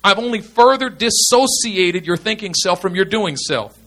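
Guy preaching a sermon, bright voice, a bit high, earnest and emphatic. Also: animated, normal speed. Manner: earnest, emphatic, repeats key points. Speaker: pastor teaching pastors. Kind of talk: sermon teaching.

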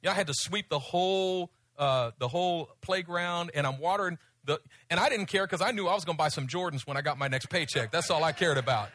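A middle-aged man preaching a sermon in a storytelling way, swinging from loud pleading to hushed, low speech. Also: a little fast, hardly any pauses, no room sound.

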